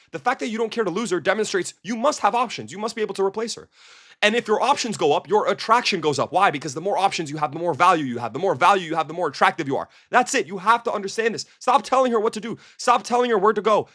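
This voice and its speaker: A man's voice: high voice, animated, fast, sharp tone. A man coaching men on dating in a blunt, emphatic monologue, full of rhetorical questions. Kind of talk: direct-to-camera advice monologue.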